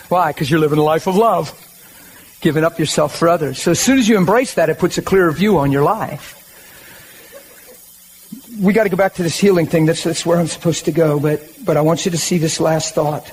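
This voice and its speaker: High-voiced man preaching a plain-talking sermon. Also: a little hiss or hum. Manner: conversational, emphatic preaching with rallying asides.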